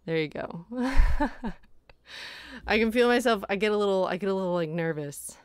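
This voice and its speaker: Streaming from her room, a streamer and voice actor keeps up a casual livestream chat, laughing frequently and thanking her viewers as end-of-day tiredness shows in her voice. Her medium-pitched voice is smooth at a normal speed, and the recording is dry.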